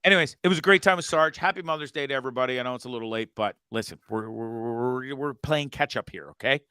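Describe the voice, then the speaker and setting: A man hosting a casual podcast, talking in profane, excitable rants and repeating himself as he gets worked up. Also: mid-range voice, fast, smooth, no room sound. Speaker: host.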